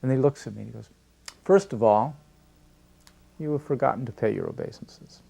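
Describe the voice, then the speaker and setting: A man's voice: mid-range voice, huge pitch swings, a little fast, vocal fry, dark tone, slightly rough. A man telling a personal story in an interview, acting out quoted dialogue and laughing often. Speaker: devotee sharing memories.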